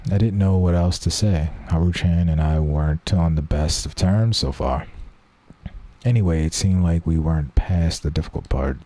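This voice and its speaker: Deep-voiced man reading a game aloud. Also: normal speed, dark tone. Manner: casual, swears, voices each character. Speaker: let's play streamer. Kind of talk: reading a visual novel aloud.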